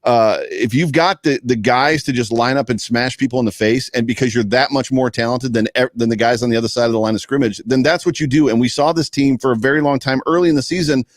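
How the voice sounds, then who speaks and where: A man's voice: mid-range voice, fast talker, hardly any pauses, no echo, studio quality. A man appearing as a guest broadcaster, giving punchy, colloquial sports analysis.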